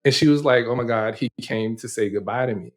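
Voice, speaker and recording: A man co-hosting a podcast in casual chat, who laughs often and tells animated, rambling stories. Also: mid-range voice, fast. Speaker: podcast co-host.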